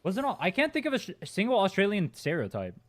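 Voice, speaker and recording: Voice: medium pitch, huge pitch swings, fast. A young adult game streamer from California, chatting casually with chat while playing and swearing freely.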